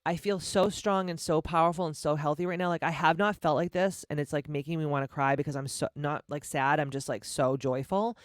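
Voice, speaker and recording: A woman's voice: low voice, dry recording, clean studio sound. A woman in her forties hosting her own podcast, speaking candidly and emphatically, swearing freely. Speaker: podcast host. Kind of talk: candid personal podcast monologue.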